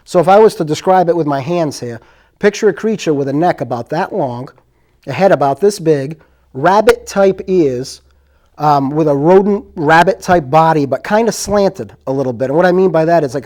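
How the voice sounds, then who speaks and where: A man with a slightly high voice talks through his stories casually. He rambles and circles back, but he stays earnest throughout. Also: a little mellow. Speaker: host. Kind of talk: casual storytelling.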